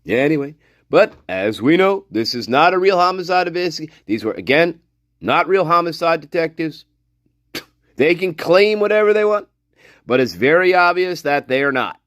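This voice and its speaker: A man hosts a livestream and rants at the people he is mocking, swearing freely and breaking into laughter. His voice sits fairly high for a man and jumps all over in pitch. He drops into mutters between outbursts, and the sound is dry with no room echo. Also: lively intonation, moderate pace, fairly bright tone. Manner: profane, scornful ranting; frequent laughter, trailing off into mutters. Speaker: livestream host. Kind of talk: livestream commentary reading chat.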